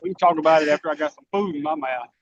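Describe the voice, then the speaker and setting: A man making quick wisecracks in casual chat on a video call, heard over muffled call audio. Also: a little high. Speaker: meeting participant.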